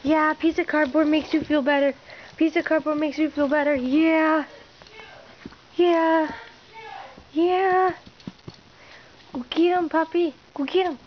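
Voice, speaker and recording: A woman's voice: sits high, steady tone, unhurried, long pauses. A young woman filming her puppy on a handheld camera at home, talking to it in a playful, teasing sing-song. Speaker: home video maker. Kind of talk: casual talk to pets while filming. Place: indoors at home. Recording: dull, slightly muffled home video with faint noise.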